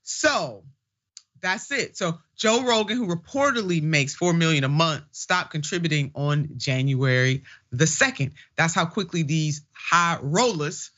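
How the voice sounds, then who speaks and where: A woman's voice: low voice, expressive, measured pace, a bit bright, dull audio. A woman hosting a political commentary show, talking in an emphatic, folksy, preacher-like way. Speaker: show host.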